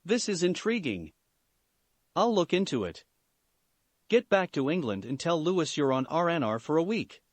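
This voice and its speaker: A man voicing a calm young male assassin who speaks in a dry, matter-of-fact way. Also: on the high side, moderate pace, long pauses, dry recording.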